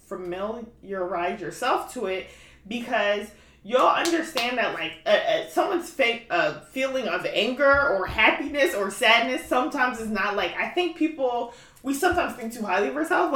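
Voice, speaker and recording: A woman's voice: medium pitch, fairly bright tone. Chatty woman podcaster in an echoey room. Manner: chatty, fillers of like and you know what I mean. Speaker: podcast host. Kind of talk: casual chat. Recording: roomy echo.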